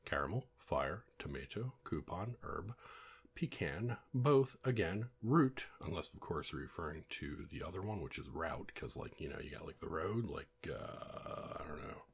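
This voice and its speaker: A man's voice: low voice, creaky, slight background noise. An American man doing a casual accent word-list challenge, profane and sardonic. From United States. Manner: profane, sardonic, swears constantly. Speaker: vlogger.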